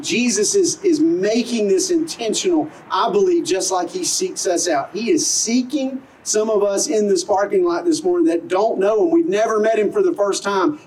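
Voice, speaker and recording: A man's voice: high voice, a little mellow, far from the mic, slight background noise, low-quality recording. A middle-aged man preaching an outdoor sermon as pastor, earnest and conversational, full of rhetorical questions. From American South. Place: outdoor service in a parking lot.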